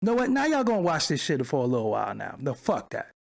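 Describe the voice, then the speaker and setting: Male streamer host, gravelly voice, lively swooping delivery, profane and mocking, picks fights with chat. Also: a little high, fast. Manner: argues with chat viewers. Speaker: channel host. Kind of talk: livestream commentary rant.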